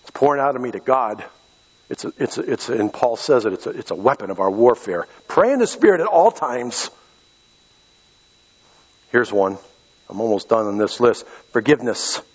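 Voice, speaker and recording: A man's voice: mid-range voice, lively intonation, moderate pace, pauses often, slightly rough. A middle-aged man from western Pennsylvania preaching a sermon as pastor, impassioned and repeating key phrases. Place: church sanctuary. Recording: echoey hall, dull lo-fi sound.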